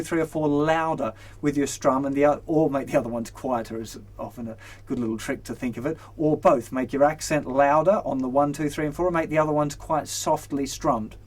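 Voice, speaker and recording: A young man teaching a guitar lesson, relaxed and encouraging, counting beats aloud as he plays. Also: on the high side. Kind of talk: instructional lesson. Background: guitar strumming.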